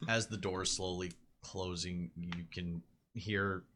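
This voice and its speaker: Game master, male, bright voice, relaxed narrator with plenty of fillers. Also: low voice, slow, slight background noise. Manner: loose and casual, with frequent fillers.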